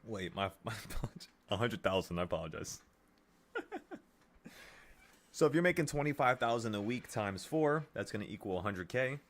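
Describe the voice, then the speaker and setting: A man's voice: on the low side, very animated, normal speed, long pauses, a bit bright. A young man from New York talking casually to his viewers, working out trading profits and taxes aloud in a blunt, pumped-up way. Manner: talks through sums aloud, blunt and pumped up. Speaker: trading vlogger.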